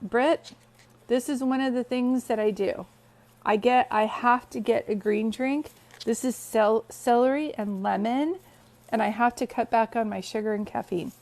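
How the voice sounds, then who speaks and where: A woman's voice: on the high side, unhurried, a little mellow. A woman hosting a casual phone livestream from her bed, greeting viewers and telling stories in a chatty way. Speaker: psychic medium livestream host. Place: bedroom, sitting on bed.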